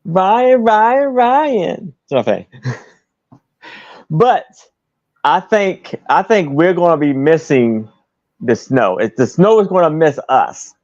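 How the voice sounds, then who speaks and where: A man's voice: fairly high pitch, sing-song, takes it slowly, a little mellow, dry recording, highs cut off. A man selling items on a live stream, describing them plainly with hesitations. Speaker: guest seller. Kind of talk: casual sales pitch.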